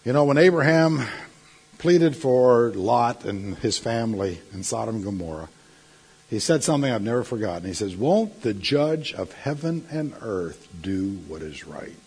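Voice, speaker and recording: A middle-aged male pastor delivering a sermon, telling stories and breaking into sudden loud outbursts. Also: medium pitch, expressive, moderate pace, husky.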